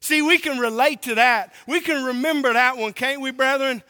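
A man's voice: extremely high pitch, steady tone, normal speed, sharp tone, clear, resonant tone, big-room sound. A man from Oklahoma preaching a sermon, emphatic and drawn out, asking the congregation rhetorical questions.

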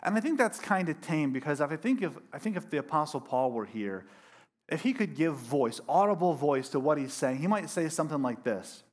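A male pastor preaches to a room full of his congregation. His voice sits a little high. He talks in an animated, emphatic way with self-deprecating asides. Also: a little fast. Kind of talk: sermon.

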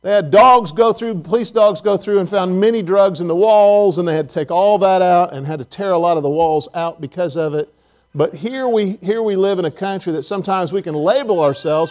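A man's voice: sits high, darkish tone. A man preaching a sermon in church, telling folksy stories and asking the congregation questions. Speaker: pastor.

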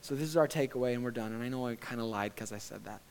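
A male pastor preaching a sermon in a conversational, earnest way that often swells into impassioned shouting. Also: mid-range voice, very fast, long reverb tail, slight background noise.

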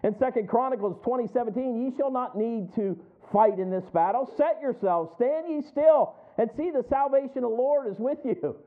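High-voiced preacher on a tinny line. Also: male voice, normal speed, hardly any pauses. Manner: folksy, acts out the congregation's inner voices; laughs often between lines. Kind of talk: sermon. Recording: tinny phone-like sound.

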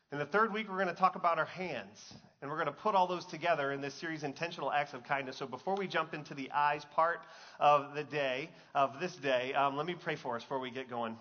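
Bright, high-voiced male pastor. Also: highs cut off. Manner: conversational, jokey, asks the crowd questions. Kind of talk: sermon.

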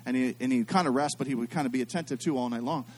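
A middle-aged man preaching a sermon as a pastor, telling stories and swinging between quiet, hushed passages and loud, excited ones. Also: mid-range voice, very fast, slightly rough.

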